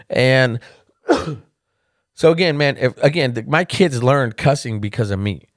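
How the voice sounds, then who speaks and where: A middle-aged man hosting a podcast, telling personal stories in a candid, casual monologue and getting animated when he quotes others. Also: medium pitch, takes it slowly, pauses often, no echo, studio quality. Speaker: podcast host.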